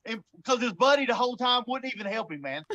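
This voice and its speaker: A forty-something man with a high, tense, bright voice. He is a guest on a live show, spinning a rowdy story in a blunt, swearing, chatty way and laughing often as he goes. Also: fast talker, muffled recording. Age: 40s. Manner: animated, laughs often while telling. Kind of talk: casual storytelling.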